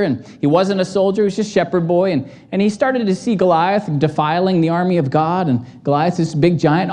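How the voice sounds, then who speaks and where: A woman pastor delivering a sermon, animated and acting out the voices in the story. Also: medium pitch.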